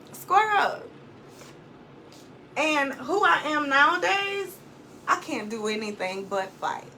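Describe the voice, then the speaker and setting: A woman life coach talks to her viewers from her home office, animated and repeating key lines for emphasis. Her voice sits high and sounds bright and forceful. A faint hum of the room stays behind her. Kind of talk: motivational vlog talk.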